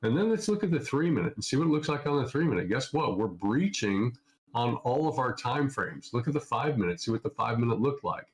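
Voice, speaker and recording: A man's voice: mid-range voice, big pitch swings, brisk, low-quality recording. A middle-aged man from Minnesota hosting a casual live Q&A, answering viewer questions off the cuff in a loose, chatty way. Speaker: trading educator hosting a Q&A.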